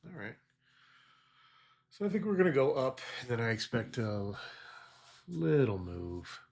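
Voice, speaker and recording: A man's voice: mid-range voice, very animated, a little slow, creaky, darkish tone. A middle-aged man streaming his trading live, telling rambling self-deprecating stories in a casual chat. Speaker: futures trader streaming live.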